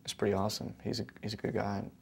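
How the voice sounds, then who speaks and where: A man's voice: on the low side, level tone, racing, creaky, husky. A young male actor talking casually and thoughtfully in an interview, earnest with small hesitations.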